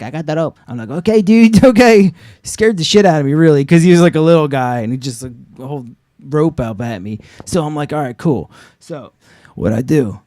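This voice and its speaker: On a live stage, a man who is an actor and co-host improvises a comic story, rambling through fillers and curses. He swings between loud outbursts and low asides. The sound is dry and close, with no room echo.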